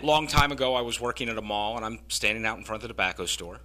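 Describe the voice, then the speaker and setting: A man performing a stand-up comedy set on stage, delivering his punchlines dry and deadpan. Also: fairly low pitch, fast talker, heavy background noise. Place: comedy stage with a live audience.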